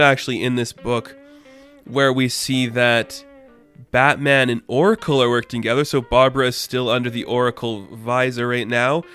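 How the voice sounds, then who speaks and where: A man's voice: mid-range voice, a bit bright, clear, resonant tone. Chatty man recapping a comic. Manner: chatty, laughs often, acts out characters in quick asides. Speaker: comic book reviewer.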